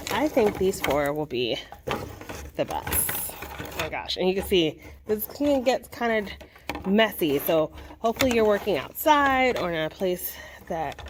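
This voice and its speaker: Youngish woman, lowish voice, chatty craft how-to for kids w/ lots of ums. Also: noisy background. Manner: chatty and encouraging, with many fillers. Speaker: children's librarian hosting a craft video. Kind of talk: casual craft tutorial.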